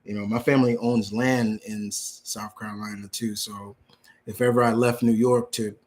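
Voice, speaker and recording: A man's voice: lowish voice, little pitch movement, moderate pace, darkish tone. Casual man hosting a live Q&A. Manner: reads viewer questions aloud then answers casually and bluntly. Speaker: host answering viewer questions. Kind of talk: live Q&A chat.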